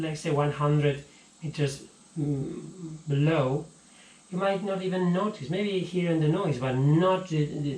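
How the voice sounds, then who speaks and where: Halting man explaining physics at home. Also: a little high, darkish tone. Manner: halting, repeats words while explaining. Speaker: physics teacher. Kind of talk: casual physics lesson. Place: home room. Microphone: action camera. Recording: echoey room with faint ambience.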